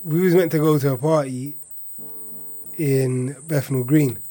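A young man from East London with a local accent, quietly telling a personal story in a reflective way, often trailing off at the ends of his lines. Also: on the high side, steady tone, measured pace, faint music behind. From Hackney, East London. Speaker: interviewee.

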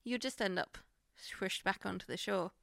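A woman's voice: mid-range voice, gravelly, a bit bright, no echo, clean studio sound. A woman, playful and teasing, chatting casually and joking. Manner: playful, teasing, quick to laugh. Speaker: podcast co-host. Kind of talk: casual comedic chat.

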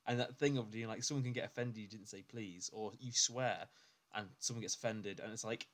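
A man co-hosting a podcast, rambling through animated stories in casual chat with many fillers. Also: fairly low pitch, fairly quick. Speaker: podcast co-host.

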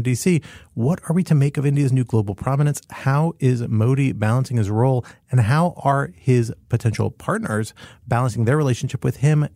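A man's voice: medium pitch, gravelly, dark tone, no echo. A man hosting a podcast in a studio, introducing topics with playful wordplay and frequent laughs. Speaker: podcast host.

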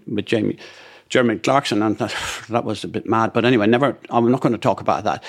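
An older man from Ireland co-hosting a podcast, telling stories in a rambling way with many fillers and restarts. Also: fairly low pitch. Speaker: podcast co-host. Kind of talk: casual storytelling chat.

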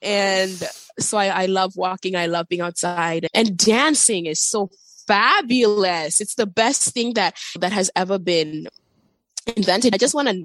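A woman chats as a podcast guest, effusive and affirming. Her voice is a little congested from a cold and sits in a middle pitch. The recording is dry and close, with no room sound. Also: unhurried, a bit bright, no room sound. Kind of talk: casual chat.

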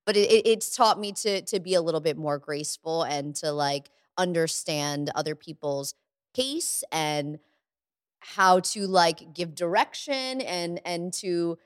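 A woman's voice: lowish voice, animated, unhurried, clear, resonant tone, no room sound. A woman co-hosting a podcast in casual chat, rambling with lots of "like" and "you know", on a studio microphone. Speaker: podcast co-host.

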